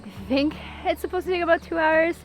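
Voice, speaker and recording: A woman's voice: extremely high pitch, expressive, a little fast. A woman travel vlogger chatting casually while hiking an outdoor trail, laughing often. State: out of breath from hiking.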